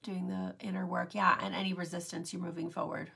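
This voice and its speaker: Husky, gravelly-voiced woman chatting live. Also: fairly low pitch, flat delivery, brisk, bright, forceful tone. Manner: chatty, many "like" fillers, acts out quoted voices. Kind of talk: casual live-stream talk.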